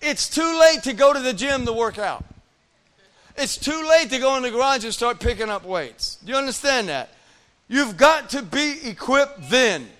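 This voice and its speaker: A male pastor with a notably high voice delivers a sermon. He tells stories with quoted dialogue and keeps checking in with his listeners. His delivery is animated and insistent. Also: normal speed. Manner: animated preaching with audience call-outs; acts out quoted dialogue in storytelling.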